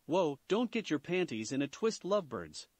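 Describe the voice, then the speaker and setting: A man's voice: on the high side, big pitch swings, normal speed, darkish tone, dry recording. A man voicing a brash, crude teenage ninja girl who mocks others in a fan-fiction reading. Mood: teasing. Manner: mocking, brash. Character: brash crude red-haired teenage kunoichi.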